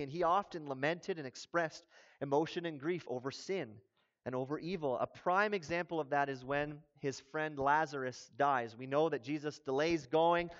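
An impassioned male pastor delivers a sermon, climbing to emphatic peaks and then sinking low and quiet. His voice sits a little high for a man. The sound carries a long hall reverb and comes through dull and lo-fi.

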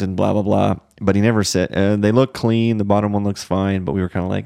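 Gravelly low-voiced man, laid-back chat. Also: flat delivery, quick pace, hardly any pauses, warm tone, no echo, clean studio sound. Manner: laid-back, rambling, frequent "uh" and "like". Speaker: church podcast co-host. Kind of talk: casual chat.

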